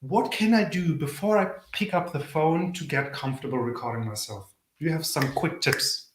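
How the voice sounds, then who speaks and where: A man's voice: on the high side, normal speed. Playful man hosting a live stream. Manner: playful, self-deprecating. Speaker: host. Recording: echoey room.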